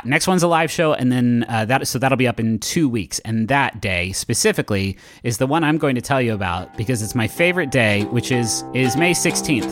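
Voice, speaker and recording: A man runs a tabletop game, his voice mid-pitched. He halts often with fillers as he lays out each scene. The sound is dry and close. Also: dry recording. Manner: halting, many fillers, describing scenes. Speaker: game master and podcast host. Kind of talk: casual podcast reads and game narration.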